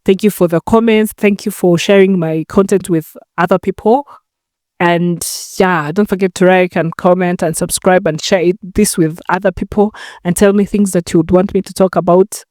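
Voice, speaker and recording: A woman's voice: on the low side, fairly even intonation, normal speed, darkish tone, no room sound, studio quality. A young woman from Rwanda hosting a solo podcast, chatting in a rambling way while talking to a camera. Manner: chatty, rambling, acts out phone calls. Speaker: podcast host. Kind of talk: casual solo podcast chat.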